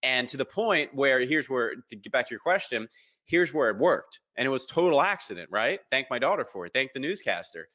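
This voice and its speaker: Bright-voiced man telling a story. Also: mid-range voice, a little fast. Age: 30s. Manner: animated storyteller, acts out quoted voices, many ums. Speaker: podcast guest. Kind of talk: casual storytelling interview.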